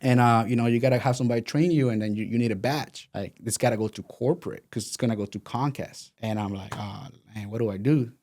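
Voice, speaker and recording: A man's voice: medium pitch, quick pace, few pauses. Venezuelan-accented man telling his story. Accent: Venezuelan Spanish. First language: Spanish. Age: 30s. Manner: animated, acts out quoted voices. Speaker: guest. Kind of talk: casual storytelling interview.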